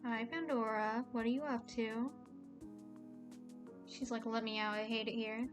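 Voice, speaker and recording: A young woman streaming a game, reading the story aloud and chatting, sarcastic and quick to swear. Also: a little high, fairly even intonation, music in the background.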